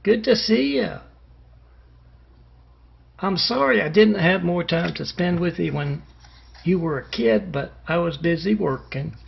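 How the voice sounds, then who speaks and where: Weary apologetic father, read by a male storyteller, gravelly, muffled lo-fi recording. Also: sits high, a little slow, pauses often, full character voice. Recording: muffled with faint hiss.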